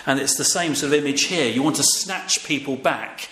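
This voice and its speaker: A man's voice: mid-range voice, moderate pace, bright, forceful tone. An older man giving a sermon in a casual, conversational way, often asking his listeners to respond. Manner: conversational, with fillers and audience prompts. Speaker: preacher. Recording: echoey room with faint ambient noise.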